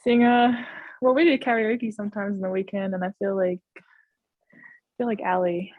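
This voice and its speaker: The speaker is a young Australian woman, a college basketball player, giving a casual interview over video call and laughing between her phrases. She speaks at a normal speed with a medium pitch and level tone; the audio is narrow and tinny, with no room sound.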